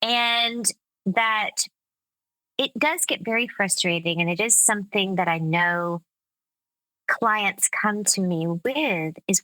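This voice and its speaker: An American woman, a speech coach, explaining her work in a measured, patient interview manner. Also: medium pitch, pushed and bright, no echo, low-quality recording. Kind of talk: interview conversation.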